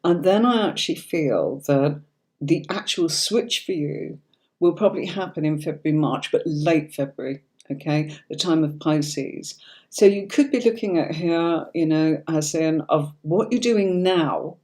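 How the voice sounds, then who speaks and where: A British woman with a neutral standard accent and a fairly low, warm, mellow voice, hosting a live tarot reading. She chats easily and reassures her viewers, often pausing to ask "okay?" before moving on. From Yorkshire, England. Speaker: tarot reader hosting a livestream.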